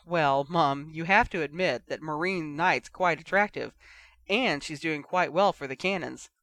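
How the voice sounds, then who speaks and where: A man reading aloud who voices Charlie, a teasing, quick-tempered young man, in a storybook reading. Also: on the high side, a bit bright, dry recording. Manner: teasing, chortling.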